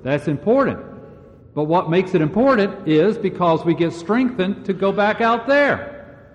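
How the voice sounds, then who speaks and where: A man's voice: high-pitched, expressive, unhurried. A man preaching a sermon in a conversational, self-mocking way, chuckling at himself. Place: church. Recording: dull sound with long reverb in a church.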